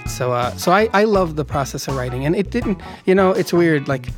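A man's voice: on the high side, lively intonation, a little fast. Guy rambling along in an interview, laughs a lot, faint music under it. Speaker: guest writer-director. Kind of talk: casual interview chat.

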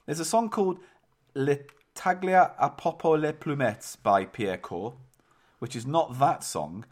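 A man's voice: on the high side, animated, a little slow. A man co-hosting a casual chat about strange records, amused and blunt. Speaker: radio show co-host.

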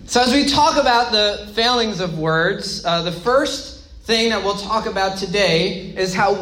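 High-voiced man preaching in an echoey room. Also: unhurried, hardly any pauses, sharp tone, slight background noise. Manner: informal, repeats phrases, asks the audience questions. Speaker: pastor. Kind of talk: conversational sermon.

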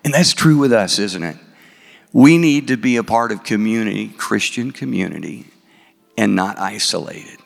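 A man delivers a sermon at an unhurried pace, his voice edged with a gravelly rasp. He puts questions to his listeners and recites scripture in a slow, measured cadence. Long reverb from the hall trails each phrase. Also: mid-range voice, expressive, soft background music. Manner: asks the congregation questions, recites slowly. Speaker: preacher.

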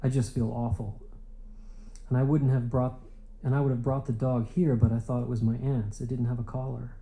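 A man's voice: mid-range voice, little pitch movement, warm tone, close to an everyday voice. A man reading as Eva, a flustered apologetic woman. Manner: repeated hurried apologies.

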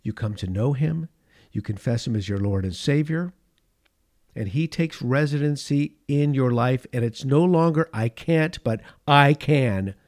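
A middle-aged male pastor delivering a sermon with fervent conviction. His voice rises and falls sharply in volume, and he lets dramatic pauses hang between phrases. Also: mid-range voice. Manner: impassioned preaching with dramatic pauses and swings in loudness.

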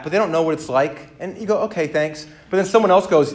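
High-voiced man preaching with fervor. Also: quick pace, few pauses. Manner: swings from hushed to loud emphatic preaching. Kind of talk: sermon.

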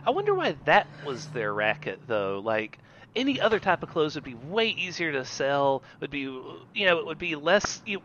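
A man's voice: fairly high pitch, very animated, normal speed, fairly bright tone, slight background noise. A man chatting casually on a podcast, making dry, wry remarks. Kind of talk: casual chat. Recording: dull, lo-fi sound.

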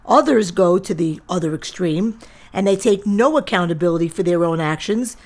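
A woman's voice: fairly low pitch, lively intonation, normal speed. A middle-aged woman hosting her own podcast, talking firmly and directly to listeners in a lecturing monologue. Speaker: podcast host and diet center owner.

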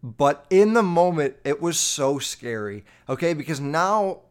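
Here a man with a smooth, fairly high voice takes his time telling a casual story. He curses freely, wanders from point to point, and leans heavily on "like," speaking to his listeners directly with lots of animation.

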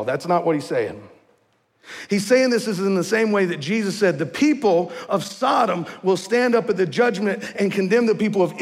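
High-voiced preacher in a reverberant hall. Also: male voice. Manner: folksy, conversational preaching with rhetorical questions. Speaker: pastor. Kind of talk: sermon.

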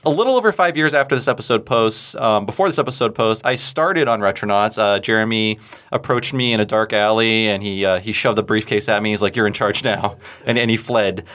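A man hosting a podcast in casual chat, excitable, joking and often stammering over his words. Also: lowish voice, brisk. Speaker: podcast host.

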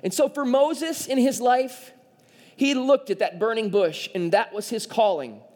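A man preaching a sermon as pastor, animated and acting out the people in his story. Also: very high voice, unhurried. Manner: animated, acts out quoted voices.

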